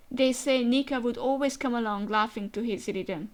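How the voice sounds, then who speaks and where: A woman's voice: fairly high pitch, moderate pace. A young woman reading a comic aloud and reacting to it as she goes. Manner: reads dialogue aloud between short reactions. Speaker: manga reaction vlogger.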